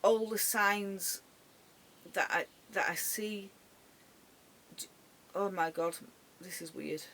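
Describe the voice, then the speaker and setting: A tearful woman recording a personal vlog from her caravan bedroom, speaking haltingly with many restarts and soft, trailing words. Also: medium pitch, a little hiss or hum. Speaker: dog owner. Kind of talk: emotional personal vlog tribute.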